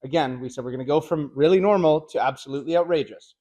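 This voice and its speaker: A man with a fairly high speaking voice walks viewers through sales closing techniques. He talks in a direct, energetic coaching style, mixing in casual slang. It sounds like an instructional video. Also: quick pace. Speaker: car sales trainer.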